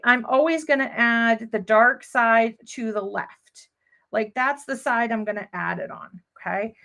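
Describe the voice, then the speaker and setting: A woman's voice: fairly high pitch, gravelly. A woman hosting a live crafting demonstration, chatting upbeat to viewers as she works. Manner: chatty, upbeat, talks to viewers while working. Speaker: craft show host.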